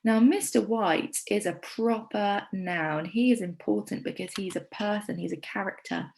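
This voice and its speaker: An English woman teaching a primary school lesson, with encouraging, clear teacher talk. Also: mid-range voice, moderate pace, a little mellow, slight background noise, rough recording. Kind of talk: recorded remote lesson.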